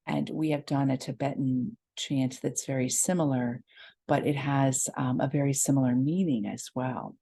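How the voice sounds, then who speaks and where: A woman leading a guided meditation, explaining a mantra gently before chanting it slowly. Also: very deep voice, steady tone, creaky, slightly rough. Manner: slow, gentle teaching with sustained chanting. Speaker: meditation leader.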